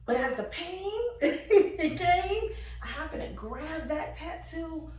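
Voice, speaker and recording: A woman's voice: very high voice, slow. A young woman telling a comic story with laughs and acted-out voices, casually. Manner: animated, laughing, acts out quoted voices. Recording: echoey room, mic at a distance.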